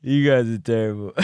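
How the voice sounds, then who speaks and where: With a smooth, mid-range voice, this sports talk host livens up his casual livestream by bantering with the chat. There's no room sound, just clean studio audio.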